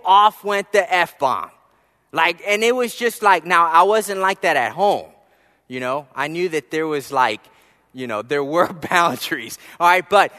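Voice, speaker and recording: A high-voiced man gives a sermon, reverb trailing off his words in the hall. He shifts from soft, low asides to loud, emphatic rises as he tells his story. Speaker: pastor.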